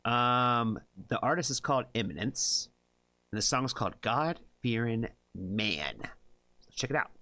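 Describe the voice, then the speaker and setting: A man's voice: mid-range voice, expressive, a little slow, bright, forceful tone, slight background noise. A man from the United States hosting a music reaction stream, chatting casually with viewers in a rambling way with lots of fillers. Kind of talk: casual live-stream chat.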